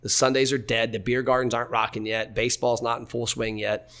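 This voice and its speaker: A man in his forties talks as a guest on a podcast. He tells stories plainly and bluntly, with casual swearing, in a mid-pitched voice. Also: flat delivery, brisk, fairly bright tone. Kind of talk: casual storytelling.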